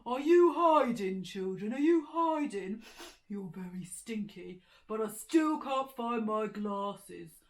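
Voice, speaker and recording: A woman voicing a big grumpy giant who sniffs out stinky children, in a children's sensory story, with a booming, teasing, mock-menacing manner. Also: lively intonation, takes it slowly.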